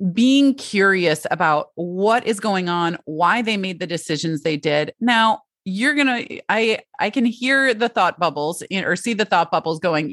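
A woman's voice: medium pitch, fairly bright tone, dry recording, clean studio sound. A woman giving parenting advice in a casual, chatty way, full of fillers and asides.

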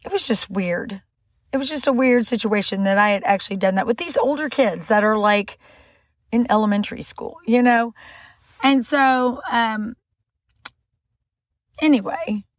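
Animated woman telling a story. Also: normal speed, long pauses, no echo, studio quality. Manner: animated, acts out quoted lines in a higher voice. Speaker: podcast host. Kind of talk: personal storytelling.

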